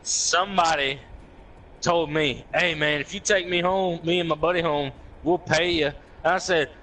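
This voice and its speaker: A man's voice: a little high, moderate pace, a little hiss or hum, poor audio. A man telling a rowdy story to friends, swearing freely and acting out the quotes. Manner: animated, profane, acts out quotes in raised voices.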